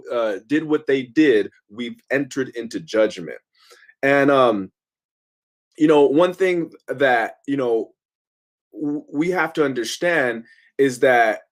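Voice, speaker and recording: A man who is a professor giving a lecture in an emphatic, conversational manner, often checking in with his listeners. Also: mid-range voice.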